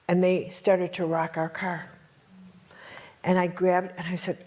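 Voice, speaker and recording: A woman's voice: fairly low pitch, fairly even intonation, unhurried, a little mellow. A middle-aged woman telling a dramatic story to a workshop audience, emphatic and full of repetitions. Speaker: workshop teacher.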